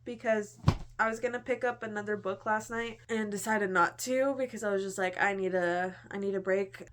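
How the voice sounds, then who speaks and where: A woman's voice: mid-range voice, a bit bright. A young woman in a casual book review chat, gushing and chatty, filling her talk with "like". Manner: gushing, chatty, heavy use of "like".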